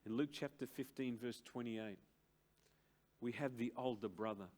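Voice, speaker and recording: An older man preaching a sermon to a church congregation, slow and emphatic, with dramatic pauses and big swings between loud and soft. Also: mid-range voice. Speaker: pastor. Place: church service.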